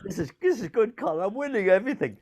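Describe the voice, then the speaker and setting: A man's voice: high-pitched, big pitch swings, fast, a little mellow. An older man hosting a playful true-or-false quiz over a video call, teasing his guests and laughing often. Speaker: quiz host.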